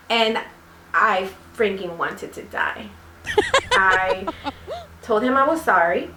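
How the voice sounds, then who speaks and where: A woman's voice: mid-range voice, animated, slow, long pauses, bright, forceful tone, slight background noise. A woman vlogger telling a casual story in a chatty, rambling way, full of fillers. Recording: roomy echo.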